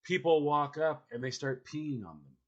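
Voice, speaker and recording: A man chatting casually and telling a funny story, acting out the people in it with lively energy. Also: on the high side, normal speed, highs cut off. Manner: animated, acts out people in his stories.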